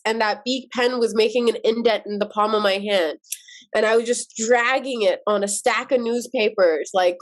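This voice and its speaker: A woman in her forties from Iran, a podcast guest telling her childhood stories slowly and vividly. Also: fairly high pitch. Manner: slow, vivid storytelling. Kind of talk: storytelling interview.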